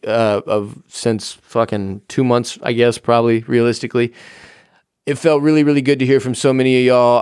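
This is a casual outro to a one-man podcast, recorded in the host's home office as he rambles, jokes, and swears heavily. His medium-pitched voice is smooth, and the clean studio sound has no echo.

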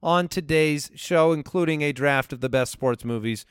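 A man's voice: on the high side, moderate pace, clear, resonant tone, no room sound, clean studio sound. A man hosting a podcast in casual banter who keeps the show moving and reads out listener questions. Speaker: podcast host.

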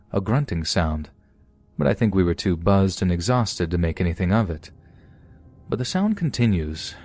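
A man hosting a podcast, reading listeners' true horror stories aloud in a steady storytelling way. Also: deep voice. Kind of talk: scripted horror story narration.

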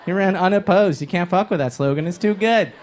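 A man from Los Angeles doing a stand-up comedy set on a stage mic, with a punchy delivery that swings into loud shouted bits. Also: high voice, fairly quick, a little hiss or hum. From Los Angeles, Inglewood. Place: comedy stage before a live audience. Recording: live stage mic, crowd laughter.

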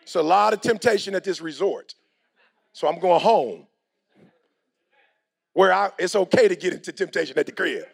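A middle-aged man with a gravelly, husky voice delivers a motivational talk. He swings his pitch widely, and his voice sits high for a man. His delivery is preachy and full of slang. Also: normal speed, long pauses. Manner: preachy, animated, slangy, acts out quoted people. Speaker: motivational speaker. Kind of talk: motivational speech.

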